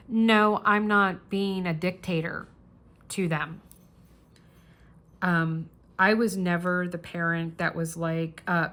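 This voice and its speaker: A woman's voice: fairly low pitch, fairly even intonation, takes it slowly, fairly bright tone. A middle-aged woman hosting a crafting channel, chatting casually and earnestly while she works on a diamond painting.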